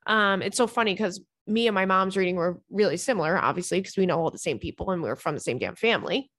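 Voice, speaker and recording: A young woman hosts a podcast in loose, casual chat. She is blunt and chatty and curses freely. Her voice sits at an ordinary pitch, recorded dry and close with no room sound. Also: fast talker, fairly bright tone, dry recording. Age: young adult. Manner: frank, chatty, swears freely. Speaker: podcast host.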